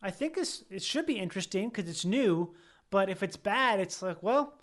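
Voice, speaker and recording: A man with a high speaking voice chatting casually on a podcast. He rambles, restarts his sentences and corrects himself as he works his thoughts out aloud. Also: animated, moderate pace, fairly bright tone. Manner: rambling, self-correcting, laughing. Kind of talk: casual chat.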